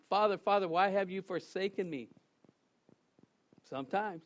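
A pastor preaching a sermon to his congregation, emphatic and repeating phrases for emphasis, putting questions to the listeners. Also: high voice.

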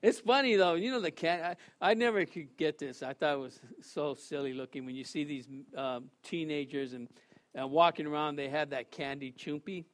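A man's voice: a little high, normal speed. A pastor preaching a sermon to his congregation, emphatic and repeating phrases for emphasis, putting questions to the listeners.

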